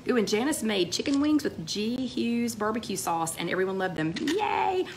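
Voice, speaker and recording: A woman, a little hoarse, hosting a casual live-stream chat and greeting viewers by name. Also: medium pitch, fairly quick, slight background noise. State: slightly hoarse. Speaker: livestream host. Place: home, TV playing in the background.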